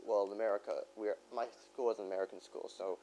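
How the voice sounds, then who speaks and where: A man's voice: lowish voice, steady tone, quick pace, mellow, low-quality recording. A man co-hosting a casual podcast chat, telling rambling stories and laughing as he goes. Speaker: podcast co-host.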